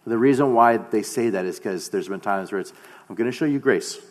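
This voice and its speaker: A man in his thirties preaching a sermon as pastor, earnest, often slowing down and dropping to a quiet voice for emphasis. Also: on the low side. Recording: long hall reverb.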